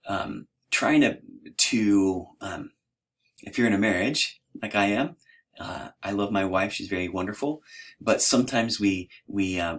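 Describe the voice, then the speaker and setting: Relaxed, slightly low-voiced male lecturer. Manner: conversational, hesitant, self-deprecating. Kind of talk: informal classroom lecture.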